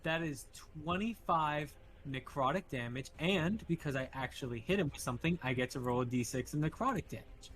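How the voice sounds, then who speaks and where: A man's voice: on the high side, brisk, few pauses, fairly bright tone. A man playing in a casual tabletop game, thinking aloud about his spells and swearing now and then. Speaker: player.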